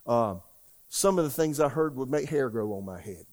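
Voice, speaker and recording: A man's voice: mid-range voice, expressive, normal speed, darkish tone. An older man, preaching a sermon in a folksy, emphatic way and asking the congregation questions. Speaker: pastor.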